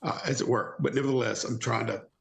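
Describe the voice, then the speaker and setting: A man's voice: mid-range voice, steady tone, quick pace, vocal fry. A man playing a tabletop role-playing game, describing his character's actions in the first person. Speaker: player.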